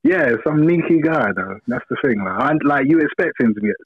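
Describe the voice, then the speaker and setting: A young man phones into a live show, voice squeezed thin by the phone line. He rambles in easy slang at a middling pitch, with no room echo at all. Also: lively intonation, fairly quick, slightly rough. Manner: rambling, laid-back, slangy. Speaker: caller.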